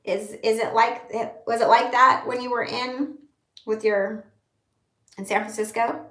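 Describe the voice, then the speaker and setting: Woman, 30s, livestream vlogger; candid rambling chat, gravelly edge, roomy echo. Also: a little high, steady tone, a bit bright. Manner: rambling, candid, pauses to read comments. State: holding back tears.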